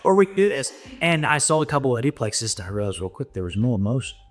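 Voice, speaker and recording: A man from Texas, a podcast guest telling stories in an animated way and acting out dialogue. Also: medium pitch, fast talker, soft background music. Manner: animated, acts out dialogue in voices. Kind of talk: storytelling anecdote.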